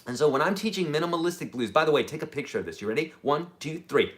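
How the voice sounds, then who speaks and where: Man, guitar teacher, live stream lesson, energetic, chatty, big pitch swings. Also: fast. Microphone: camera mic.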